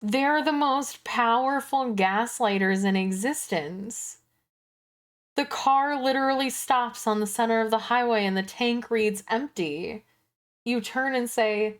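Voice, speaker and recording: Slow-talking woman streamer. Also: a little high. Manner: joking, swears freely. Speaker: streamer reacting to a video. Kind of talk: casual reaction commentary.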